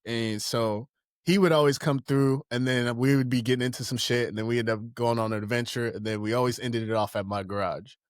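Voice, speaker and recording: A young man co-hosting a podcast, telling rowdy stories in casual chat and breaking into high-pitched impressions of friends. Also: steady tone, a little fast, dry recording, clean studio sound. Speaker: podcast co-host.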